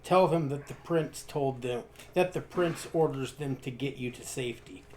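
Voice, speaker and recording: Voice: mid-range voice, normal speed, a little mellow, a little hiss or hum, poor audio. A player in a tabletop game who speaks firmly in character but stumbles on words.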